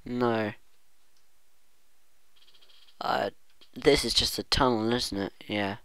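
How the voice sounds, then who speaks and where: A man with a lowish voice gives unhurried let's-play commentary, rambling and thinking out loud as he goes. His words come slowly, and the sound is dry and close with no room around it. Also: fairly even intonation, clear, resonant tone, no echo. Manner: rambling self-talk, hums and muses aloud. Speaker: gaming channel host.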